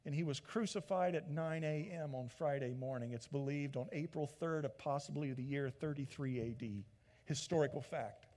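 A man preaching a sermon as a pastor, retelling the story in a lively way and acting out the people in it. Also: a little high, moderate pace. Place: church sanctuary. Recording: long church reverb.

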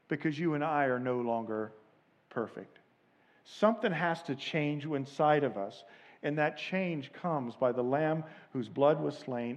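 A man preaching a sermon as pastor, moving from quiet, low asides to loud, shouted peaks and leading the congregation in call and response. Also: dull audio. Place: church sanctuary.

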